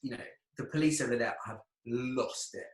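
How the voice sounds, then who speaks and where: A man's voice: medium pitch, moderate pace. A man in casual podcast chat, heated and swearing a lot, often restarting his sentences. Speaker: podcast co-host. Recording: echoey room.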